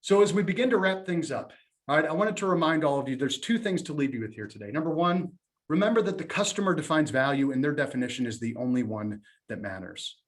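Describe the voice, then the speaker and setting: A middle-aged man giving a sales presentation, telling a story with lively quoted dialogue. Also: a little high, quick pace. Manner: animated storytelling, quotes others in his own voice. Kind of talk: conference talk with acted dialogue.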